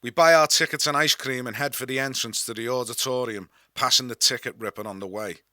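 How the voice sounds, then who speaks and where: A man's voice: medium pitch, a little fast, pushed and bright, no room sound. A man from Liverpool with a Scouse accent reads his own memoir, telling it with wry, dry humour. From Liverpool, England. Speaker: author and narrator. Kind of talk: memoir reading.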